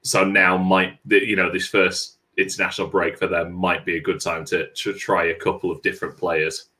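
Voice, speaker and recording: A man with a very low, deep voice talks football with a friend in a loose podcast chat. He stops and restarts often and slips in dry jokes. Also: level tone, pushed and bright. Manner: halting, repeats words, dry jokes. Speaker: podcast co-host.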